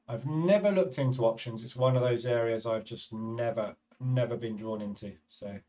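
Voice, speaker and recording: A man's voice: mid-range voice, moderate pace, dark tone, recorded from a distance. A man hosting a live trading stream, chatting casually and thinking aloud about the markets as he reads replies to viewers.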